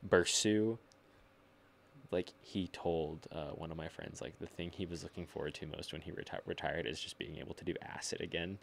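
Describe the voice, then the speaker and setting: Young male guest, deep voice, rambling storyteller, casual swearing. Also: fairly even intonation, moderate pace, creaky, a little hiss or hum. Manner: storytelling, lots of filler "like", swearing. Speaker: podcast guest. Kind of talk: casual chat. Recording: live podcast.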